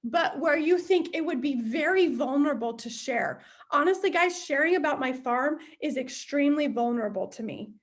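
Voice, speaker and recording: Speaking with a high, animated voice at normal speed and hardly pausing, a young sales team leader gives a motivational meeting talk. She's chatty, open and emotional, voicing inner thoughts aloud as characters.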